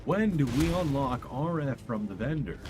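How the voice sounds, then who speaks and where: Animated joking male streamer. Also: mid-range voice, normal speed. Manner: joking, animated, self-mocking. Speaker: game streamer. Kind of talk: casual live-stream chat. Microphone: studio condenser mic. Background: game music.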